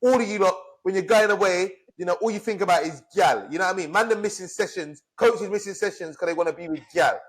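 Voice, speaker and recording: A man tears through an angry rant at a rapid clip. His voice sits notably high, and he curses freely and keeps pushing his point as a podcast co-host. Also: husky. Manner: angry, swearing, fired up. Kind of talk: heated casual rant.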